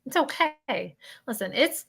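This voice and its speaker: Gravelly Southern woman on a livestream. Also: sits high, animated, unhurried. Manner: soft-spoken, apologetic, tearful at times. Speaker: spiritual medium hosting a livestream. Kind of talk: livestreamed reading and chat. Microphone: video call.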